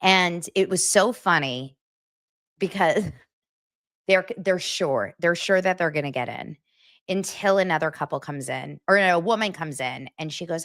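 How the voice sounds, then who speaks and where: A woman's voice: deep voice, measured pace, fairly bright tone, dry recording. Chatty laughing woman host, dry close sound. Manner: chatty, laughs often, reads comments aloud. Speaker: livestream host. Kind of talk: casual chat with live viewers.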